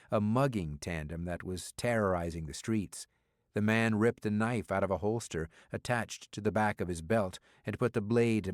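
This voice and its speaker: A male audiobook narrator reading a thriller at a steady, measured pace. His voice sits on the low side. The sound is dry and close, with no room around it. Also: dry recording.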